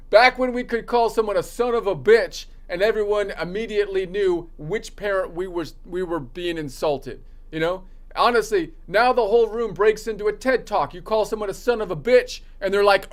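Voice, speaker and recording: High-voiced man ranting sarcastically. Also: moderate pace, hardly any pauses. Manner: sarcastic ranting delivery with mocking quoted voices. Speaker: comedian practicing jokes. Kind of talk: stand-up comedy practice.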